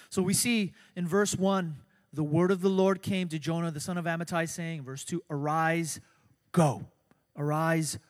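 A middle-aged man preaching a sermon as pastor, swinging from soft, low asides to loud, urgent emphasis. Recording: long hall reverb.

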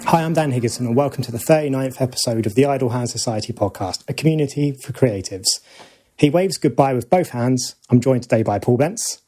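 A man's voice: medium pitch, expressive, brisk, dark tone, breathy edge, soft background music. A man hosting a podcast in casual chat, easygoing and joking. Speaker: podcast host.

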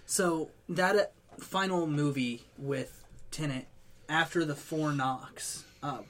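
A man's voice: fairly high pitch, slow, fairly bright tone. Enthusiastic man in casual chat. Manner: enthusiastic, explains in detail.

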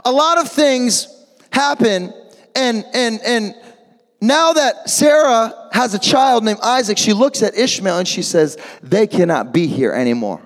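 A male preacher giving a lively sermon, urging the crowd to answer back, with jokey asides and sudden shouts. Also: extremely high pitch, a little slow. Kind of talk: lively sermon with call-and-response. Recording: long echo of a large hall.

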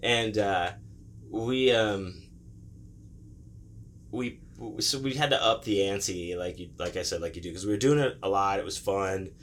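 A man's voice: deep voice, a little slow, pauses often, a little hiss or hum. A young man casually telling a profane story, loosely acting out the voices of the people in it.

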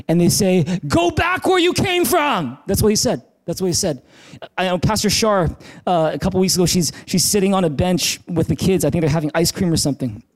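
A male pastor preaching a sermon in a church, animated, often restarting words and asking the congregation questions. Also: a little high. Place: church in Vancouver.

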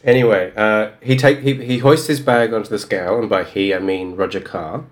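A man co-hosting a book podcast, his voice sitting fairly low. He walks through the plot in careful detail and adds dry, wry asides. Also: fairly even intonation, brisk. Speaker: podcast co-host. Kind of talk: casual chat about a novel.

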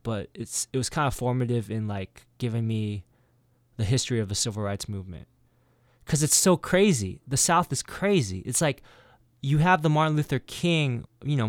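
A man's voice: fairly low pitch, no room sound, studio quality. A man chatting casually, telling a rambling story with many restarts and acting out quoted dialogue. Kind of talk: casual chat.

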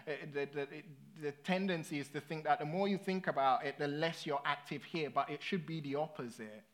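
British man preaching a casual sermon. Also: a little high. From Britain. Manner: conversational, checks in with the audience. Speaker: pastor.

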